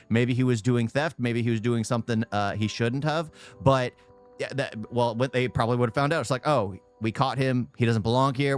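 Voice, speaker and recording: A man giving casual, opinionated reaction commentary on a video, rambling, restarting and repeating his own phrases. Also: medium pitch. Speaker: YouTube reactor.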